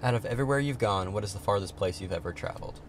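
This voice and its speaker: Brief: male interviewer, fast-talking, slightly low voice, faint hiss. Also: animated. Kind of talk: casual interview.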